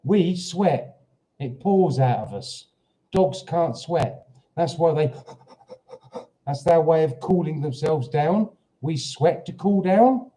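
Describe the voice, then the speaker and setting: A slow-talking British man rambles through a casual livestream from home. His voice is very dark and mellow, set a little high for a man. He wanders off to chat to his dog and read out viewer questions. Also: expressive. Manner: chatty, rambling, talks to his dog and reads out viewer comments. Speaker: livestream host. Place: home in Portugal.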